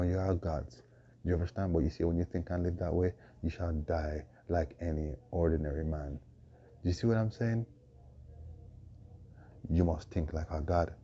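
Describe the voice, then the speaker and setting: A man with a hoarse voice, preaching a proclaiming monologue full of repeated rhetorical questions. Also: sits low, warm tone. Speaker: self-styled preacher. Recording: dull lo-fi recording with faint noise.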